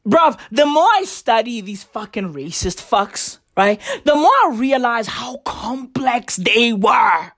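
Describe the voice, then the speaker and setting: High, lively profane woman ranting. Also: takes it slowly, few pauses. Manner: profane, slangy, emphatic, swings between shouting and hushed asides. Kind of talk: stand-up style comic rant.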